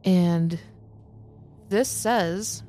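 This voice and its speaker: A woman's voice: lowish voice, extremely slow, warm tone, soft background music. A woman player in a tabletop game, telling her part earnestly and with hesitation. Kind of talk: tabletop role-play.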